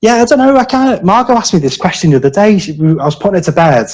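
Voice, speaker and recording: A man's voice: high-pitched, big pitch swings, rapid-fire, a little mellow, rough recording. A man in his forties from Britain, a podcast guest chatting casually, hesitant with many fillers and restarts. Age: 40s. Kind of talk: casual interview chat.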